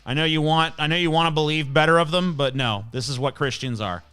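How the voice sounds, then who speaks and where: Sweary, scornful man with a bright voice. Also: a little high, fast, clear, resonant tone, faint music behind. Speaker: host. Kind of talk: profane ranting commentary.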